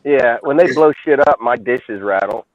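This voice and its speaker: A man's voice: mid-range voice, normal speed, dull audio. A man chatting casually in a wry way, laughing at himself. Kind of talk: casual chat.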